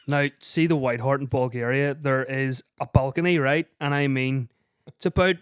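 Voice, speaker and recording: A man's voice: mid-range voice, steady tone, unhurried, clean tone, no room sound. A man, co-hosting a podcast and eagerly prompting stories in casual chat. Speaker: podcast co-host.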